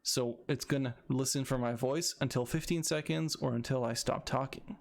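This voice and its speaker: A man's voice: medium pitch, steady tone, normal speed, vocal fry, slight background noise. A young man casually talking through his coding project, thinking aloud with frequent restarts. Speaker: video creator.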